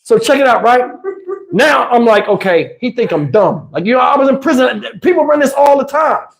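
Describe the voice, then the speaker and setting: Animated storytelling man, high voice. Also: moderate pace, gravelly. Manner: animated, acts out other people's voices. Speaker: storyteller host. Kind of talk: casual storytelling chat.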